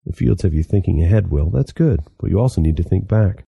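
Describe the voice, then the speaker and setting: A man voicing a patient, wry older guide in an audiobook, calm and reasoning. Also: low voice, a little fast, vocal fry, husky, dry recording, phone-quality sound, exaggerated voice. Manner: calm, reasoning and gently teasing. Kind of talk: audiobook character reading.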